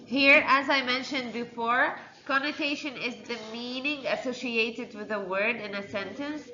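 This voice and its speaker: A woman's voice: fairly high pitch, unhurried, roomy sound, lo-fi sound, a crowd in the background. A woman teaching a classroom lesson, quizzing her pupils and repeating their answers back to them.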